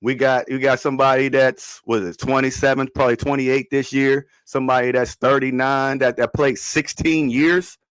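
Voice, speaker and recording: A man hosting a podcast in casual sports talk, animated, slangy and repeating himself. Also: mid-range voice, normal speed, hardly any pauses, clean tone, no room sound, studio quality. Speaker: podcast host.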